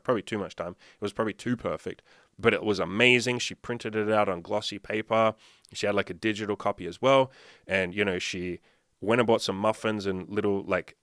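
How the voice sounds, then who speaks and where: A man's voice: lowish voice, a bit bright, dry recording, studio quality. A young man from Australia, a dating and self-improvement coach, telling a story in a casual, profane, emphatic way. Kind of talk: casual monologue to camera.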